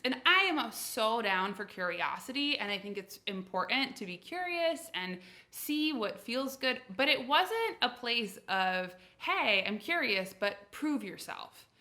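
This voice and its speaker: Young woman from the US, intuition coach, casual chatty vlog delivery, bright voice, animated storyteller. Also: medium pitch, measured pace. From United States. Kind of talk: casual talk to camera.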